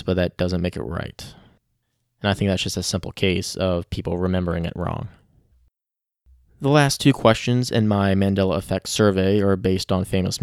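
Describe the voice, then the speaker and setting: Male narrator, low voice, talks straight to listeners. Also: vocal fry, no room sound, clean studio sound. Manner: steady, explanatory, addresses listeners directly. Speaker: presenter of a survey report. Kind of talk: scripted narration.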